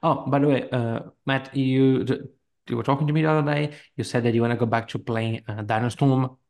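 A man's voice: mid-range voice, steady tone, a little fast, creaky, darkish tone. A man co-hosting a podcast, chatting casually and rambling with lots of fillers and frequent laughter. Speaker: podcast co-host.

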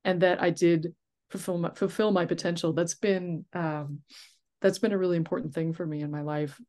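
A woman with a somewhat low voice chats as a guest in a casual interview. She talks loosely, restarts her sentences often and laughs easily as she tells her stories. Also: fairly even intonation, normal speed, mellow. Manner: chatty, lots of restarts and laughter. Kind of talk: casual conversation.

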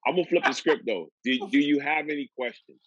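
Male podcast host: husky, bouncy delivery, dull lo-fi sound. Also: mid-range voice, quick pace, fairly bright tone. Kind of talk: casual chat.

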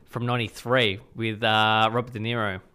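A man's voice: on the low side, level tone, moderate pace, pushed and bright, clear, resonant tone. Chatty Australian man. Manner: chatty, opinionated, storytelling. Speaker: podcast co-host. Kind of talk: casual chat.

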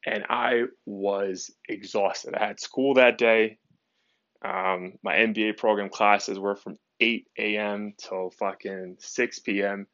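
A young man with a lowish voice tells a personal story as a podcast host, candid and peppered with swearing and "you know"s. The sound is dry and close, but a little dull and lo-fi. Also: a bit bright, no echo. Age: young adult. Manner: candid, heavy swearing, lots of fillers.

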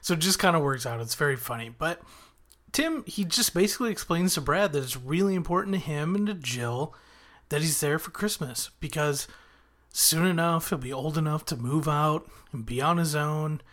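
A man's voice: fairly high pitch, expressive, normal speed, fairly bright tone. A man hosting a podcast, recapping a TV episode in an enthusiastic, rambling way with frequent chuckles. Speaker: podcast host reviewing a TV episode.

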